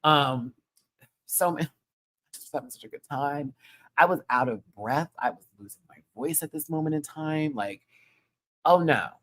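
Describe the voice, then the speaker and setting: Taking his time and pausing often, this channel host chats through a recap of a live show. His talk is full of slang and gushing praise, punctuated by abrupt high-pitched bursts of excitement.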